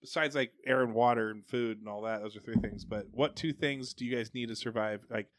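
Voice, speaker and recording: Bright-voiced joking podcast host. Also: male voice, mid-range voice, fairly even intonation, a little fast, few pauses. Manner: joking, laughs often, quizzes guests. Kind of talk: casual chat. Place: home garage.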